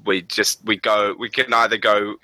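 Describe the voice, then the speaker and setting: A man playing a tabletop game with friends, talking casually and laughing often. His voice is very bright and forward. The sound is dry and close. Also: on the low side, level tone, moderate pace, no room sound, low-quality recording. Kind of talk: casual chat over a voice call.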